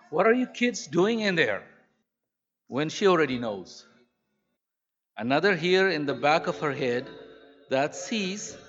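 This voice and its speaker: A man's voice: a little high, fairly bright tone, exaggerated voice. A man voicing God as an eager, proud male Creator, read in a dull recording with a long hall echo. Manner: earnest, eager.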